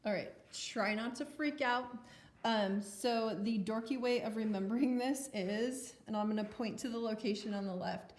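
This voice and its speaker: A woman's voice: fairly high pitch, moderate pace. Playful woman math teacher, echoey room. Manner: chatty, playful, self-mocking. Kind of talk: recorded lecture. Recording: roomy echo.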